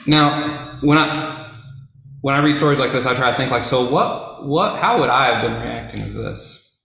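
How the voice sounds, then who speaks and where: A man's voice: medium pitch, moderate pace, creaky, pushed and bright. A man casually retelling a Bible story, with conversational fillers and playful asides. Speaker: Bible teacher. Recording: very echoey room.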